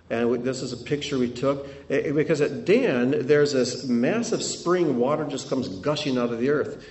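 A man giving a sermon while showing travel photos, telling it in an animated way that swings between loud and hushed. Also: mid-range voice, roomy sound. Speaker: preacher.

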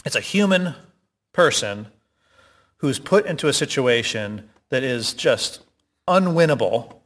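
A man leading a Bible study discussion, reading scripture and explaining it in an animated, halting way with many restarts. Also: mid-range voice. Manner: animated, halting, self-correcting.

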